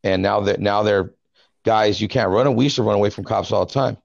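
A low-voiced man talking in relaxed slang, calling people bro. The recording is dry and a bit muffled, with no room sound. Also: fairly quick, creaky, no room sound. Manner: laid-back slang, says bro often. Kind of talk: casual chat. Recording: dry, dull lo-fi audio.

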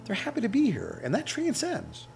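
A man's voice: high-pitched, huge pitch swings, moderate pace, vocal fry, a little mellow, faint music behind. A man, a motel owner, talking upbeat and casual in an interview with many fillers.

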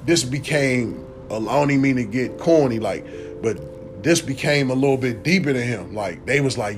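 A young man ranting casually to camera as a vlogger, animated, profane and rambling. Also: mid-range voice, moderate pace, music in the background.

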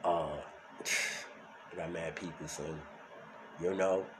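Deep-voiced hyped new york podcast host. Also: male voice, fairly even intonation, slow, background noise. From New York City. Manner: loud, hyped, swings between shouting and mumbling. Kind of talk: solo podcast monologue.

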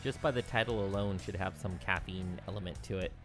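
A man's voice: low-pitched, a little fast. A man co-hosting a music show, bantering in a playful, goofy way. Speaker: co-host. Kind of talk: casual chat.

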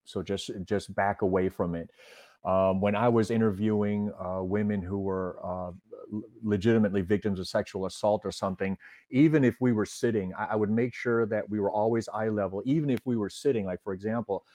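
A man who trains people in de-escalation, answering interview questions in a measured, explanatory way. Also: on the low side, flat delivery, darkish tone, no echo. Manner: measured, explanatory, some restarts. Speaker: guest, de-escalation instructor.

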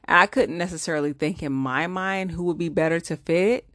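A woman's voice: lowish voice, fairly quick, fairly bright tone, no room sound, clean studio sound. A middle-aged woman, chatting casually to viewers in a movie review vlog, with lots of fillers.

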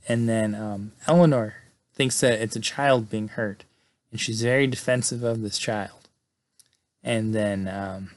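A man talks through a story in a relaxed, rambling recap. He strings events together with "and then" and leans on "you know" and "like". His voice sits at a middling pitch for a man. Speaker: film recap host. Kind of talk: casual plot recap.

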